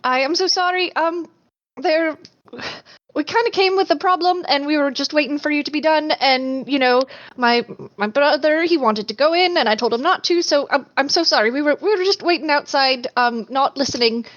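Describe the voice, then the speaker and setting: A woman's voice: sits high, normal speed, fairly bright tone, dull audio, pitched above the performer's own voice. A woman voicing a nervous, apologetic young rabbit-folk woman in a tabletop game.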